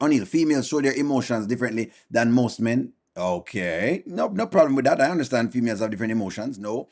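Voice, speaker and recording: This live reaction stream host speaks in a medium-pitched, darkish voice, animated and brisk with few pauses. Offering casual commentary, he addresses viewers by name bluntly and keeps repeating points for emphasis.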